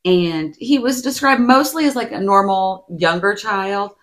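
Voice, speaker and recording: A woman's voice: medium pitch, measured pace, fairly bright tone, slight background noise. A woman co-hosting a casual podcast, telling a story with lots of giggles. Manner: giggly, storytelling, attempts silly accents. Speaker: podcast co-host. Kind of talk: casual chat.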